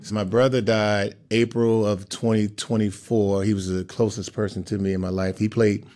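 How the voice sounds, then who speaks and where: Man, pro athlete guest, halting delivery, very deep voice. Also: little pitch movement, mellow. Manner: halting, repeats phrases. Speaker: guest, pro football player. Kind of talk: candid interview answers.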